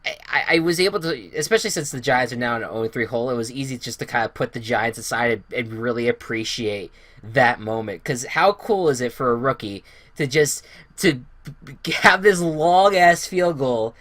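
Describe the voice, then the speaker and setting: A man hosting a casual sports podcast, chatting through the week's games. He rambles, fills pauses with "uh" and restarts his sentences. The sound is dry and close, with no room echo. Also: medium pitch, fairly bright tone. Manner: rambling, many fillers and restarts. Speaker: podcast host.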